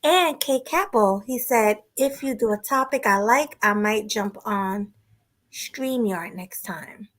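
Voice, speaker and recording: Chatty woman stream host, high voice. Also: slow pace. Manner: relaxed, chatty, thanks viewers. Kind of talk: casual live-stream chat.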